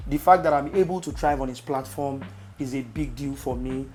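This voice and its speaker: A young Nigerian man with a Nigerian accent, casually telling travel stories to camera with loud exclamations. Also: medium pitch, moderate pace. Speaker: vlogger.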